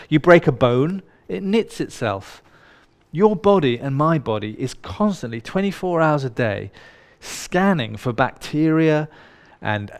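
Playful, irreverent male workshop leader. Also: a little high. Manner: playful, irreverent, swears casually. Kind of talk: live workshop talk to an audience. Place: indoor workshop room with a live audience.

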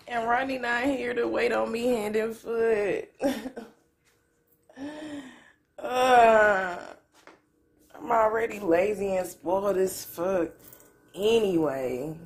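A woman's voice: a little high, gravelly, darkish tone. A woman vlogging casually at home, candid and profane, in pain and close to tears, with a way of talking. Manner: candid, loose, profane, drawling. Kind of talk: casual vlog talk to camera. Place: at home on a couch.

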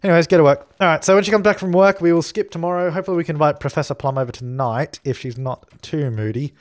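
A man's voice: a little high, fast, dry recording. A man hosting a let's play, chatting casually and giving orders to the characters on screen as he plays. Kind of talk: casual gameplay commentary.

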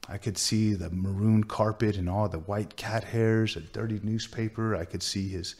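A man, a tattoo artist, earnestly recounting a personal story in a sit-down interview, halting and restarting with many fillers. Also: fairly low pitch, fairly even intonation, darkish tone.

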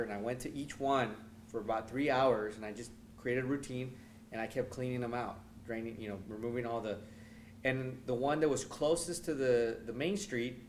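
Emphatic preaching man, faint hiss. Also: medium pitch. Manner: reads scripture in King James wording, rising louder and more emphatic as he preaches; halting, self-correcting asides. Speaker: pastor. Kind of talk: sermon.

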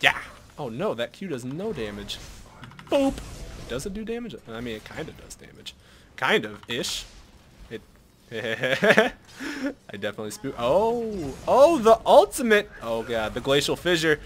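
A young man giving live commentary over his own game at a computer, swinging from muttered asides to loud shouts at big plays and swearing casually. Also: a little high, big pitch swings, a little slow, a little hiss or hum. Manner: swears and jokes casually, mutters to himself while shopping. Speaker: gameplay commentator.

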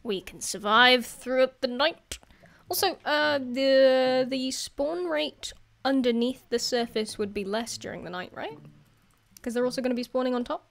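High-voiced, unhurried woman gamer. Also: vocal fry. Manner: chatty, excitable, laughs often, talks to the game's creatures. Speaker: gaming YouTuber. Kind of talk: casual gameplay commentary.

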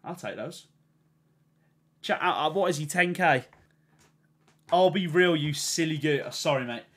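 A man's voice: a little high, measured pace, a bit bright, slightly rough. A young English man streaming a video game, swearing and swinging between ranting and cheering as he talks to his chat. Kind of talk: live game commentary to chat.

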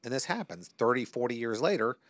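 A man's voice: mid-range voice, lively intonation, a little fast, fairly bright tone, no echo, clean studio sound. A man, an attorney co-hosting a podcast, talking in blunt, joking, emphatic banter.

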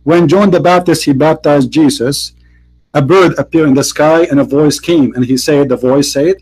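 Husky man interrupting in debate. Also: fairly high pitch, normal speed, darkish tone, poor audio. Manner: interrupting, repeats "listen" and "hold on". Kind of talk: heated debate.

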